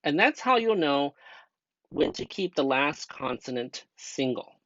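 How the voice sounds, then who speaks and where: This young adult male student teacher from the United States narrates a grammar lesson patiently and step by step, asking the class rhetorical questions. His voice runs on the high side with big pitch swings at a measured pace, and it comes across a bit bright with no echo in a dull, dry, lo-fi voice-over.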